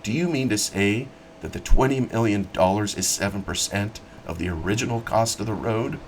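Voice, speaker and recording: A man's voice: on the low side, normal speed, slight background noise, close to an everyday voice. A man reading aloud, voicing an angry, outspoken man who argues heatedly about railroad rates. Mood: furious. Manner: heated, emphatic.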